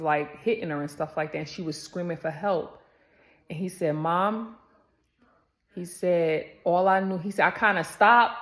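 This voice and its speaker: A woman in her forties, chatting straight to her viewers with a slightly low voice. She talks casually, calls her audience y'all, and acts out the voices in her story. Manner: chatty, addresses viewers as y'all, animated quoting. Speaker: mother telling a story. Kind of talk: casual storytime vlog to camera.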